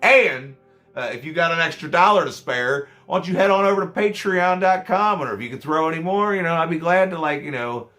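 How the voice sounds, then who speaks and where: Here a vlogger with a fairly high, pushed and bright voice recounts his time as a scare actor. The stories come out rambling and profane, told casually to camera with plenty of self-mockery.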